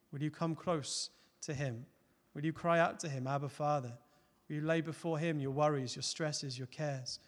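A man preaching a sermon, earnest, rising to loud emphatic peaks and dropping to soft, close appeals. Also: a little high. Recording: long hall reverb.

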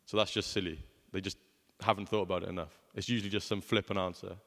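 A man's voice: deep voice, level tone, fast, a bit bright, in a large hall. A young man preaching a sermon in a conversational way, often asking rhetorical questions.

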